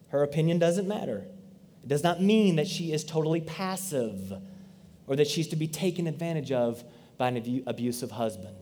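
Guy pastor preaching a sermon, earnest, talks right to the crowd, kinda high voice. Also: a little mellow. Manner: earnest, conversational preaching with asides to the congregation.

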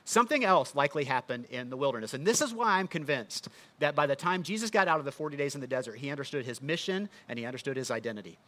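A man's voice: mid-range voice, lively intonation, fast, pushed and bright. A man preaching a sermon in a conversational teaching manner, often asking the listeners rhetorical questions. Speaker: pastor.

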